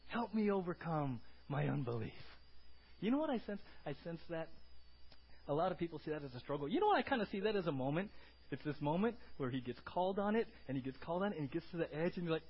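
A man preaching a sermon as pastor, moving from quiet, conversational talk to loud, shouted exclamations. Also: on the high side, big pitch swings, fast, husky, highs cut off.

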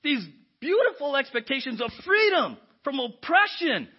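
A man preaching a sermon as pastor, animated and often asking the congregation "right?". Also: very high voice, moderate pace. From United States. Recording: dull lo-fi church audio.

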